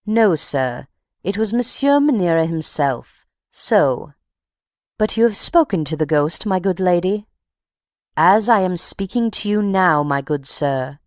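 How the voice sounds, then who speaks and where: A woman's voice: fairly low pitch, expressive, measured pace, no room sound, studio quality. A woman voicing an indignant, talkative middle-aged box-keeper who tells her story haughtily. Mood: haughty.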